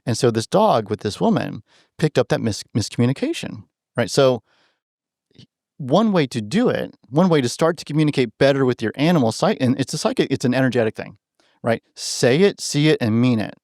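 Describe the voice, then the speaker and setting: A man guest on a podcast, telling stories in a casual, animated way, often asking "right?" and restarting his phrases. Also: mid-range voice, fairly quick, dry recording, studio quality. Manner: animated, acts out quoted voices, keeps adding "right?"; restarts and repeats words while thinking aloud. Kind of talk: casual storytelling in conversation.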